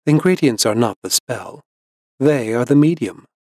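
A man reading the lines of a composed older woman herbalist who speaks in an even, unhurried tone. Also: medium pitch, no room sound, studio quality, close to an everyday voice. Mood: cool.

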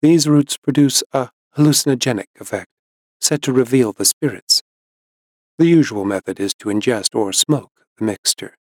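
Storybook shopkeeper: a cool, cryptic older herbalist woman, read by a man, even and unruffled, dry close sound. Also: mid-range voice, no echo, natural voice. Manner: calm, even, unhurried.

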